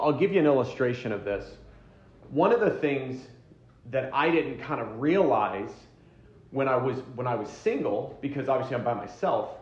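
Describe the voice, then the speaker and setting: A man teaching a church marriage class in a casual, conversational way. He restarts his words often and puts questions to the group. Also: medium pitch. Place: room with a group. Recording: roomy, dull lo-fi sound.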